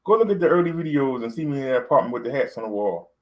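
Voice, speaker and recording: A man's voice: mid-range voice, expressive, racing, lo-fi sound. Rambling man vlogging in casual talk. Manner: rambling, conversational, with fillers and repeats.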